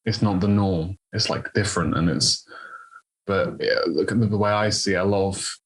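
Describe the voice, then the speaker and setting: Guy hosting a chill podcast, kinda low voice, lots of likes and ums. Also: normal speed, low-quality recording. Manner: loose, filler-heavy questioning. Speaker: podcast host. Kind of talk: casual interview chat.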